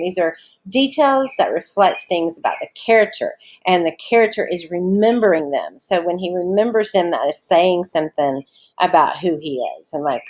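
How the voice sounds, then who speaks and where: A woman teacher with a Southern US accent explains a short story in a recorded remote lesson. She talks conversationally, explains step by step and asks her students questions. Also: lowish voice.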